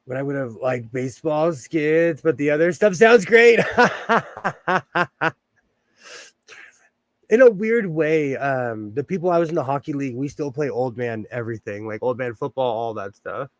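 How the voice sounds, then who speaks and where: A man's voice: mid-range voice, expressive, a little slow, dry recording. A man with a Southern Californian accent, hosting a livestream in casual, rambling chat and laughing often. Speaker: livestream host.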